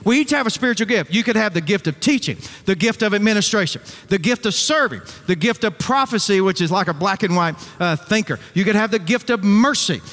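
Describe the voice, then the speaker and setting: A man's voice: high-pitched, expressive, a little fast, hardly any pauses, fairly bright tone, long reverb tail. A male pastor preaching an emphatic sermon full of rhetorical questions and folksy asides. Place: church sanctuary.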